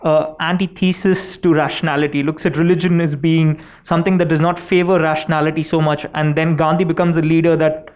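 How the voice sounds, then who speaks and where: Man, audience question, slightly high voice, hesitant, lots of fillers. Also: level tone, brisk, hardly any pauses, a little mellow. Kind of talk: asking a question at a panel.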